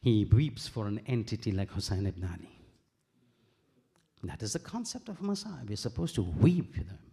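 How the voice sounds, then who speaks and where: A man giving a religious sermon. He narrates a sacred story earnestly and steadily, quoting scripture and reciting Arabic verses rapidly. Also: fairly low pitch, big pitch swings, vocal fry, dark tone. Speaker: preacher.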